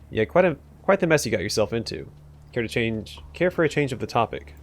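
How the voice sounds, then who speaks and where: A man's voice: mid-range voice, very animated, fairly quick, a little hiss or hum. A man hosting a let's play, making wry asides and reading choices aloud with frequent fillers. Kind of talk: casual gameplay commentary and reading dialogue aloud.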